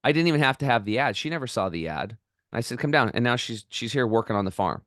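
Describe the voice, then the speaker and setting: A middle-aged man, a podcast guest, telling stories in an excited, rambling way and acting out the voices of the people in them. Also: medium pitch, fast, no room sound, studio quality. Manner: enthusiastic, rambling, acts out quoted voices. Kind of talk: excited storytelling interview.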